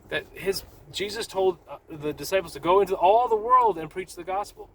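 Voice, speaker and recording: A man with a slightly raised pitch speaks earnestly about his faith, urging listeners with rambling restarts and a casual vlogging tone. He is talking from inside a car, with a faint hum of the vehicle underneath. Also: fairly quick, fairly bright tone, low-quality recording. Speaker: Christian vlogger. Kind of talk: casual faith talk to camera.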